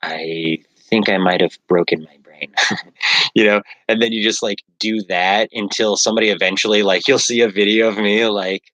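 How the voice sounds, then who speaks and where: A man with a lowish voice talks on a livestream in a rambling, self-mocking way. He trails off often and fills gaps with "um" and "like". The sound is dry, with no room echo. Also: steady tone, a little fast, a bit bright. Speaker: livestreaming artist.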